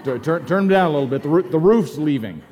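A man preaching a sermon as pastor in a church, telling jokes and making relaxed, self-deprecating asides. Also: on the high side, quick pace. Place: church sanctuary.

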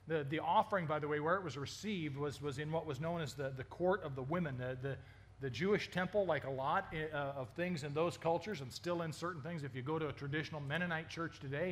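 A man preaching a sermon as a pastor, talking conversationally with many stammered restarts and questions to the congregation. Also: on the high side. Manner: asks the congregation questions and jokes.

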